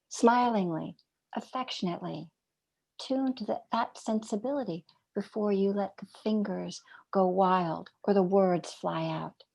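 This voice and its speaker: A medium-pitched woman's voice carries a reflective dharma talk from a meditation teacher. Gentle and measured, she poses rhetorical questions and occasionally lowers her words almost to a whisper.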